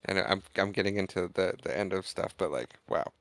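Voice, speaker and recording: A man's voice: low voice, a bit bright, dry recording. A man co-hosting a podcast, recapping a film scene by scene in a rambling, casual way and acting out lines of dialogue. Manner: rambling recap with quick acted-out quotes. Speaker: podcast co-host. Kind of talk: casual movie discussion.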